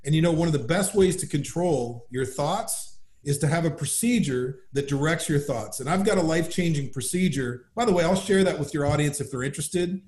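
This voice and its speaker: Male interview guest, upbeat and animated, telling a story, slightly high-pitched voice, recorded with a roomy echo. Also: fairly quick. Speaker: guest, business founder. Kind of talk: conversational storytelling.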